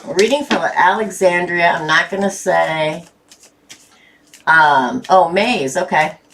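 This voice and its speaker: A woman reading tarot live for her viewers, her voice sitting a little low. She talks chattily, laughs easily and jumps up in pitch when a card excites her. A faint hiss of noise sits under the recording. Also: slow. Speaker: tarot reader.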